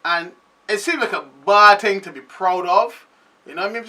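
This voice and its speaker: High, bright Barbadian man rambling. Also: moderate pace, distant mic. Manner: loose, rambling, animated delivery. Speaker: show host. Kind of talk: casual commentary monologue.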